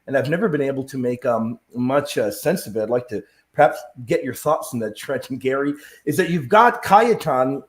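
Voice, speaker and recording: A man hosting a casual talk, his voice sitting at an everyday middle pitch. He speaks in a thoughtful, questioning way and turns often to his guests for their views. The sound is roomy and echoey. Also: expressive, normal speed. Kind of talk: casual discussion. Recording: echoey room.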